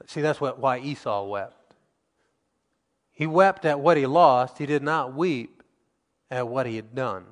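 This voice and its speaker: A man preaching a sermon, reading scripture aloud and acting out quotes, his loudness swinging between emphatic and quiet. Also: medium pitch, a little slow, long pauses, in a large hall.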